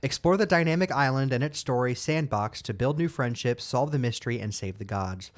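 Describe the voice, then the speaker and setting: A man co-hosting a podcast, chatting casually and reading game release blurbs quickly, tripping over words now and then. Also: medium pitch. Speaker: podcast co-host.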